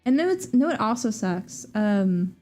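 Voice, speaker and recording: A young woman in her twenties with a soft Southern US accent rambles through a casual livestream chat. Her voice is mellow and warm, and she talks fast and animatedly, full of fillers and quick restarts. Faint music plays underneath. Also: mid-range voice, very animated. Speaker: streamer.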